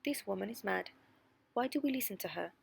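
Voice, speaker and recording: A woman voicing a hot-tempered male opera director in a storybook reading, indignant and loud. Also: mid-range voice, animated, brisk, gravelly, breathy edge, exaggerated voice. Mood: angry. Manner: shouting, indignant.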